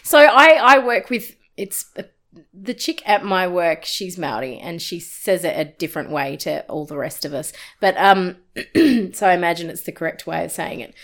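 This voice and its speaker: A woman's voice: fairly low pitch, lively intonation, normal speed, a bit bright. Australian woman rambling in casual chat.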